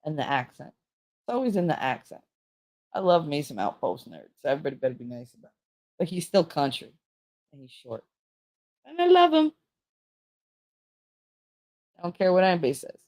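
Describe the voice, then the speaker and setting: A woman's voice: low-pitched, very animated, a little fast, long pauses, darkish tone. A woman hosting a casual livestream chat with viewers, talking in a rambling, frank and joking way. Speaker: livestream host.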